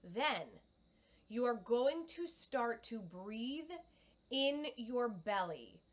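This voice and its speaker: A woman's voice: fairly high pitch, animated, drawn-out words. Middle-aged woman, coach leading a live webcam lesson, upbeat and encouraging. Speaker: communication coach.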